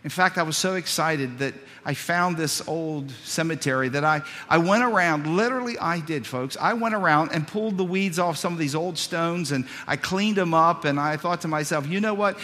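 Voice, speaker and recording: Guy preaching in church, kinda high voice, big echo hall, tells stories, repeats himself, loud then quiet. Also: moderate pace, hardly any pauses. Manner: storytelling, repeats words, swings between loud and hushed. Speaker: pastor. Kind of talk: sermon. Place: church sanctuary. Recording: long reverb of a church hall.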